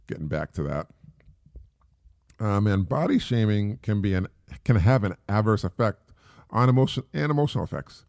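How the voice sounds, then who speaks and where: A man's voice: fairly low pitch, lively intonation, moderate pace, vocal fry, pauses often, darkish tone, no room sound, studio quality. A middle-aged man hosting a solo podcast, talking in a rambling, casual way with many fillers and repeats. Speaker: podcast host.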